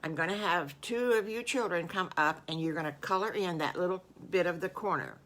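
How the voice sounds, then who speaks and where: Grandma doing a calm sweet teacher lady, soothing, lowish voice. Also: a little fast, lightly acted. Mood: reassuring. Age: older. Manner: gentle, reassuring. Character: kind, calm woman first-grade teacher.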